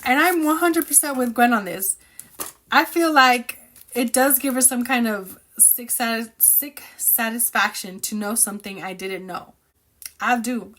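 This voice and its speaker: A woman chatting casually about a novel she is reading, excitable, opinionated and rambling as she reacts. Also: a little high. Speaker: book reviewer reacting while reading. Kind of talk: casual book reaction chat.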